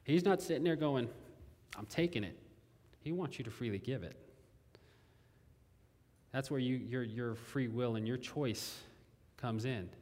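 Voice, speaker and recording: A man's voice: mid-range voice, unhurried, pauses often, darkish tone. A man preaching a sermon in a conversational way, repeating phrases and asking his listeners questions. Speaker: pastor. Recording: long hall reverb.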